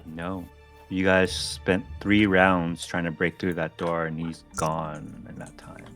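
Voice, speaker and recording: Man, low voice, game master, relaxed narration with fillers, faint music behind. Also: slow pace.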